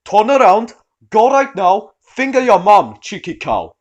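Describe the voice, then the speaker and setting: A man puts on a cheeky old man with a thick Welsh accent, speaking halting, broken English. He sounds defiant and blunt, in a narrated story. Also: high-pitched, big pitch swings, voice pushed up, exaggerated voice. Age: older.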